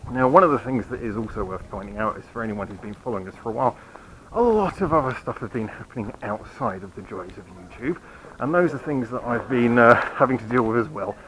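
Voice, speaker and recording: A channel host rambles through a casual vlog update while walking a quiet city street at night, filming on a handheld camera. His mid-range voice is expressive, quick, and a bit bright, and he's hiccuping, apologetic, and self-mocking. The audio is poor, with a little hiss or hum.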